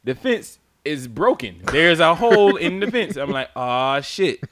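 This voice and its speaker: A man on a casual podcast telling a long personal story, swearing freely, laughing through it and acting out his own shouts. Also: fairly high pitch, very animated, moderate pace, a little hiss or hum. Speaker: podcast co-host.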